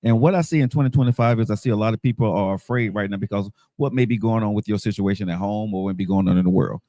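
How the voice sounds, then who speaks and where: A man's voice: fairly low pitch, rapid-fire, mellow, dry recording. A man in his fifties hosting a livestream talk show, upbeat and motivational, ending his lines with "right?". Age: 50s. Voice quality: bald-headed. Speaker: host.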